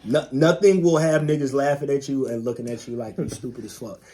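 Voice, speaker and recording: A man's voice: medium pitch, fairly even intonation, fairly quick, mellow. A man co-hosting a podcast in casual chat, laid-back and emphatic, swearing freely and repeating phrases to drive a point home. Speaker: podcast co-host.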